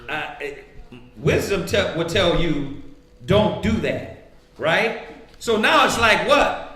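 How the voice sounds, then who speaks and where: Bright-voiced preacher man, echoey room. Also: sits high, lively intonation, slow pace, pauses often, soft background music. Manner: conversational, acts out quoted voices, asks "right?" often. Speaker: priest teaching scripture. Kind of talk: casual preaching.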